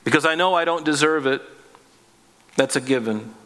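Male pastor, earnest conversational sermon, bright tone, reverberant sanctuary. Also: fairly high pitch, normal speed. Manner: earnest, conversational preaching with rhetorical questions.

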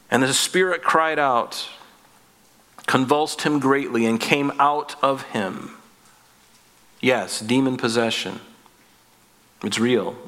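A man's voice: on the high side, unhurried, pushed and bright, long reverb tail. A man teaching a Bible sermon in a conversational way, with joking asides and questions to his listeners. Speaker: pastor.

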